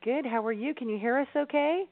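A woman's voice: high-pitched, brisk. A woman co-hosting a talk show, an upbeat and encouraging interviewer. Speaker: podcast co-host. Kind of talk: casual radio chat. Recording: phone-like call-in audio.

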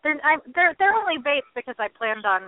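A woman's voice: high-pitched, sing-song, fairly quick. A woman co-hosting a podcast in casual chat, rambling and restarting her sentences as she goes. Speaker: podcast co-host. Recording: dry, tinny phone-like line.

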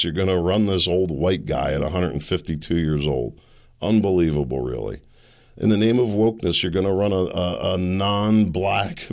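Deep gravelly guy ranting on his podcast, sarcastic laughs, lots of rhetorical questions. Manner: rhetorical questions, halting restarts. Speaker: podcast host. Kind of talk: opinion podcast monologue.

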